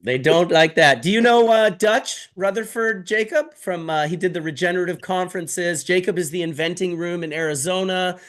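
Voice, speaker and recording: A man's voice: high-pitched, normal speed, hardly any pauses. A man hosting a casual show, joking and swearing freely as he chats with guests. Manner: animated, joking, swears a lot. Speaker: host. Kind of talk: casual chat.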